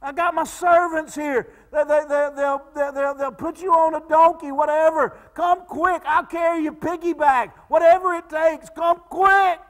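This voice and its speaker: A man preacher voicing a desperate father who begs Jesus to come quickly, breathless and stammering. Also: extremely high pitch, fairly even intonation, long reverb tail, voice pushed up. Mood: frantic pleading. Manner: breathless urgent pleading, stammering repeats.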